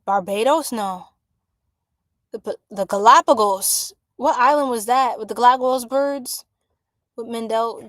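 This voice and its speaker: A woman giving a casual live-stream astrology reading, chatty and exclamatory, with drawn-out fillers. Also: medium pitch, dry recording. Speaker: astrology tarot reader. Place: home room by a window.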